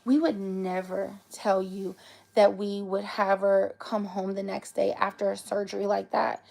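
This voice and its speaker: A woman's voice: mid-range voice, flat delivery, unhurried, gravelly, a little mellow. Woman doing a curt vet receptionist. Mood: dismissive. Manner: curt, dismissive. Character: brusque female vet clinic receptionist.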